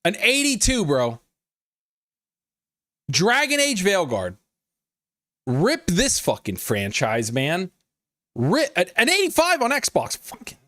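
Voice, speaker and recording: Animated profane male gaming streamer. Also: high-pitched, slow pace, long pauses, dry recording, clean studio sound. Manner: profane, animated, riffs and laughs at chat. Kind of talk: casual live-stream commentary.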